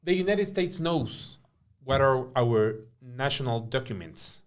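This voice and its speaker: A podcast host with a Guatemalan Spanish accent, a native Spanish speaker, talking in English in an emphatic, animated way and repeating words as he searches for them. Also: medium pitch, unhurried. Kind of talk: casual podcast conversation.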